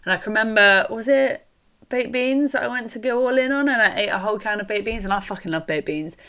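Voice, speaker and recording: A woman's voice: fairly high pitch, fast talker, pushed and bright. A young woman telling her own story in a chatty, candid podcast monologue, swearing casually and using lots of fillers. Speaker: podcast host.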